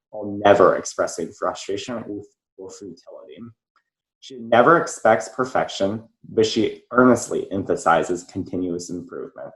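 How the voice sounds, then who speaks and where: Teen guy reading his speech, real low voice, formal, echoey room. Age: teens. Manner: formal, measured, articulate. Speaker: student.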